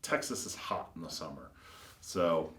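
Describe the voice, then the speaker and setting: With a rumbling low voice that's a bit bright, a custom car builder and shop owner drifts through relaxed anecdotes at a slightly slow pace. He fills his talk with fillers and plays out the quotes in character, and the recording echoes around the room.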